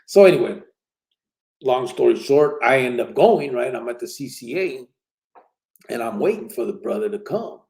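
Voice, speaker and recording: A man's voice: mid-range voice, animated, normal speed, gravelly, a little mellow, poor audio. A man casually telling a personal prison story in street slang, with many restarts and "you know what I'm saying". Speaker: podcast host telling his prison story.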